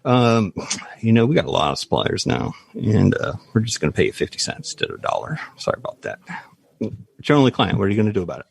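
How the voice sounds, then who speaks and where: A man's voice: lowish voice, sing-song, quick pace, vocal fry, husky, exaggerated voice. A man voicing a blunt male corporate executive who talks in an offhand, matter-of-fact way.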